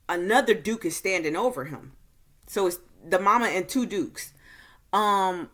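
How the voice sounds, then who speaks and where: A woman giving a casual movie recap and review, talking slowly and easily, with frequent fillers. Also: medium pitch, fairly bright tone. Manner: slow, easygoing delivery with many fillers.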